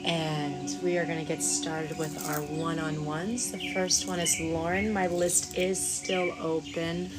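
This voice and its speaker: A woman chatting casually to viewers on an outdoor live stream, calling them darling, with gentle guided breathing. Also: low voice, level tone, slow pace, hardly any pauses. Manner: affectionate, calls viewers darling and lovelies. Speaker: livestream Reiki practitioner. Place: outdoors at sunrise. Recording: music playing in the background.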